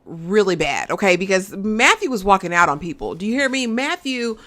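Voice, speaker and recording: A woman's voice: mid-range voice, brisk. Chatty woman reviewing a reality show. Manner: chatty, animated, asks the viewer "okay?". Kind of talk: casual recap and review.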